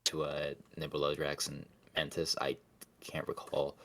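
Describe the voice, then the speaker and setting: Young male co-host, low voice, stop-start casual recap, swears offhand. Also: completely flat delivery, fairly bright tone. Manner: halting, many restarts and fillers, casual swearing. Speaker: podcast co-host. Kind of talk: casual movie recap chat.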